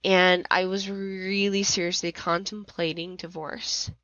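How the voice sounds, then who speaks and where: Woman, middle-aged, emotional personal story, dry dull recording, mid pitch. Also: level tone, measured pace, dry recording. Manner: emotional, rising to near-shouting when reliving anger. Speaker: podcast host.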